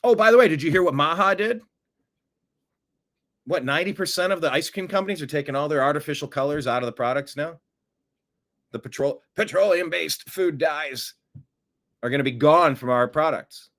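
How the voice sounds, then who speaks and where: A man's voice: a little high, normal speed, pauses often, a bit bright. A man hosting casual political commentary, sarcastic, and mocking his critics with put-on gasps and voices. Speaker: host.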